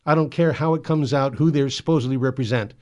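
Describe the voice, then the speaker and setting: A man's voice: medium pitch, fast, a little mellow, lo-fi sound. A man giving earnest Catholic commentary, often repeating words and stumbling as he presses his point. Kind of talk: spoken commentary and exhortation.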